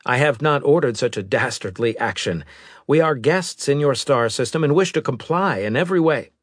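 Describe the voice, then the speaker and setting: A man voicing a cunning starship captain who talks smoothly and with false politeness. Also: mid-range voice, expressive, normal speed, no room sound, studio quality, voice pushed up, natural voice. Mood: smoothly polite.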